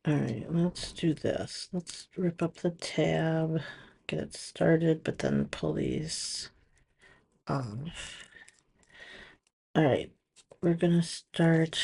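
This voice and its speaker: Slow, gravelly-voiced woman demoing nails. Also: on the low side, darkish tone. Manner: chatty, thinking aloud while working. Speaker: nail product stylist. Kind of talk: casual product demo.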